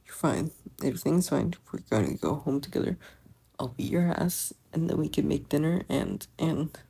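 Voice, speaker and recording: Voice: medium pitch, lively intonation, moderate pace, vocal fry, dark tone, a little hiss or hum. A reader voicing Tommy, a scared angry brother. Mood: furious and scared. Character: frightened angry younger brother at a hospital bed.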